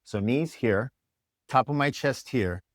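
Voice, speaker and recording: A man, a chiropractor, telling a story in a podcast interview in an animated way, acting out what others said to him. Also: medium pitch, measured pace, no echo, studio quality. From United States. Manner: animated, acts out quoted dialogue. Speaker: chiropractor guest. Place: podcast studio.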